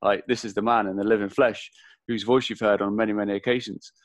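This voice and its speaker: Man, English accent, podcast host, low-pitched, casual and halting, many fillers. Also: level tone, dry recording. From England. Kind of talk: casual interview chat.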